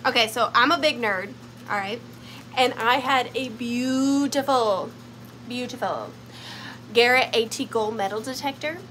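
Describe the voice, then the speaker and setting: A woman's voice: a little high, a little slow, a bit bright, a little hiss or hum. A young woman selling vintage items in a bubbly, playful live sale, chatting to her pieces as if they were friends. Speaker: online vintage seller. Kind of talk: casual live sale chat.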